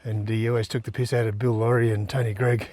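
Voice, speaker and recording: A man's voice: medium pitch, flat delivery, fast, a little mellow. An Australian man vlogging casually on a riverside trail, chatting in an easygoing, rambling way with lots of fillers while he walks. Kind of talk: casual outdoor vlog chat.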